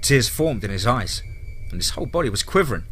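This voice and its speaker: A man's voice: medium pitch, sing-song, brisk, a bit bright, slightly rough. A man narrating a scripted horror story in a dramatic, grim way.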